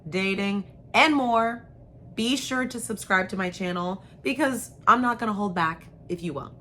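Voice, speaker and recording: A woman's voice: mid-range voice, slight background noise. Frank, chatty young woman host. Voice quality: chatty, frank, animated, with slangy asides. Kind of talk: casual chat to camera.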